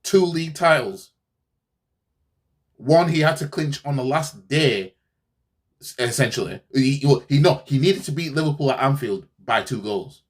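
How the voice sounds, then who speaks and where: A man's voice: mid-range voice, expressive, moderate pace. Fired-up guy ranting about footie, sarcastic, keeps stumbling and repeating himself. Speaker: fan channel host reacting to a clip. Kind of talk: ranting football fan reaction.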